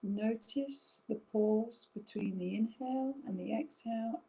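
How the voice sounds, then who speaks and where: Soft-spoken yoga teacher lady, middle-aged, mellow warm voice, slow soothing breathing cues. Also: fairly high pitch, rough recording. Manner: soft, slow and soothing, with gentle check-ins. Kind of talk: guided breathing instruction. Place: home, via online stream.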